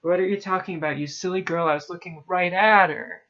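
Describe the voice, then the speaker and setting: A man's voice: sits high, fairly even intonation, fairly quick, voice pushed up. Bully-teacher bark: cruel, bellowing old man, put on by a male reader, lo-fi read. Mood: scornful. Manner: shouting, bullying.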